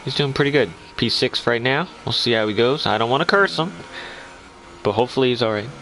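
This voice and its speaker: A man's voice: mid-range voice, a little fast, sharp tone, a little hiss or hum, poor audio. A man giving casual live commentary on an online sim race, chatty and teasing, laughing often.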